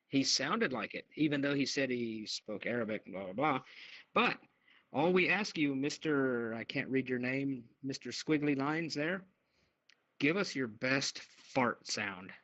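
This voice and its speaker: A man's voice: mid-range voice, lively intonation, unhurried, fairly bright tone, no room sound, lo-fi sound. A man co-hosting a call-in radio chat show, speaking in a dry, matter-of-fact way. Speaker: co-host.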